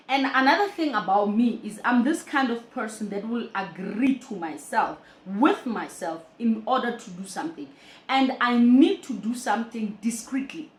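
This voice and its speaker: A woman telling her own story in a lively way, laughing often. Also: a little high, normal speed. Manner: animated, laughing, mixes languages. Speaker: storyteller sharing her life journey. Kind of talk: personal storytelling vlog. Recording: roomy echo.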